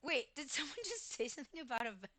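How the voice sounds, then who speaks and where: A woman's voice: high voice, very animated, fast talker, bright, forceful tone, dry recording. A woman streamer chatting casually while gaming, gushing, giggling and exclaiming often.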